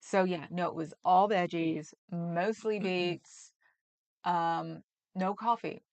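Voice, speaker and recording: A woman's voice: lowish voice, fairly even intonation, takes it slowly, a little mellow. A woman hosting a livestream, chatting casually and rambling with frequent laughs. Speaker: livestream host. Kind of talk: casual chat reading comments.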